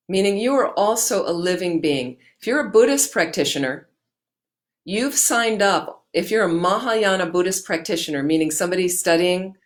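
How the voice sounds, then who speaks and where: A woman teaching Buddhist meditation who answers questions gently and encouragingly and repeats key phrases for emphasis. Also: medium pitch.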